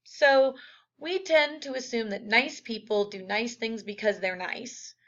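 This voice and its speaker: Woman teacher, higher voice, casual lecture video, dull muffled audio. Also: measured pace, a bit bright. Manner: casual, chatty, many fillers.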